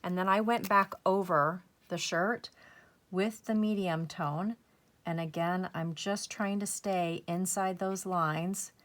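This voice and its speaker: Woman, crafting host; slow, gentle step-by-step tutorial delivery. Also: on the low side, fairly even intonation. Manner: soft, unhurried, gently encouraging.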